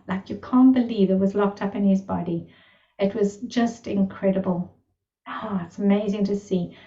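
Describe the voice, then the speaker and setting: A woman's voice: medium pitch, warm tone. A woman teaching energy healing, telling stories with delighted enthusiasm in a casual lesson. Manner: enthusiastic, marvelling storyteller. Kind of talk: casual storytelling in an online lesson. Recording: distant, roomy, slightly dull recording.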